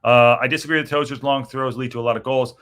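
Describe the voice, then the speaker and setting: A man's voice: medium pitch, steady tone, fast talker, fairly bright tone. A middle-aged man hosting a post-match reaction stream, rambling and swearing in frustration as he reads viewer comments. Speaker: podcast host reading chat.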